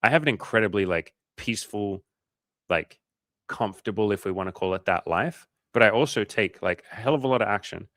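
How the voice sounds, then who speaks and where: Laid-back man, low voice. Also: a little fast, a bit bright, no room sound, studio quality. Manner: casual, swears freely, lots of filler "like". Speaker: coach and livestream host. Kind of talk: casual livestream chat reading comments.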